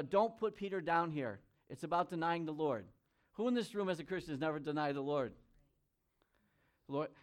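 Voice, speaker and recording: A man preaching a sermon. He reads scripture aloud, comments on it, and swings between loud emphasis and quiet asides. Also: on the high side. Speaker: pastor.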